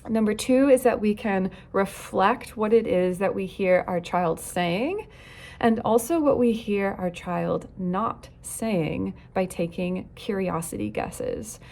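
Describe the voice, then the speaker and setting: A woman's voice: mid-range voice, slow, vocal fry, a little mellow. A woman teaching parents in an earnest, reflective way, now and then acting out short quoted lines. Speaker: parenting educator. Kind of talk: recorded talk on parenting.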